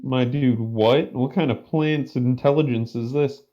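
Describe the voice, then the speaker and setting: Young male player, slow drawl, dry asides. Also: medium pitch, fairly even intonation, mellow, lo-fi sound. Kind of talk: casual tabletop banter.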